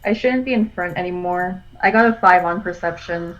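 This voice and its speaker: A woman's voice: on the low side, normal speed. Self-mocking woman on lo-fi audio. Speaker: player. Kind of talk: casual tabletop play. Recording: dull lo-fi audio.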